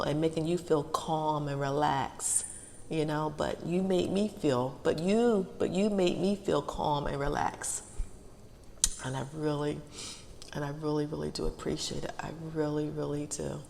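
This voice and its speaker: A middle-aged woman talks straight to her viewers in a low, gravelly voice. She stumbles and repeats herself, close to tears, and a long reverb trails each phrase. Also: darkish tone. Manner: halting, repeats her words, near tears. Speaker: ASMR channel host. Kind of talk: emotional casual talk to viewers.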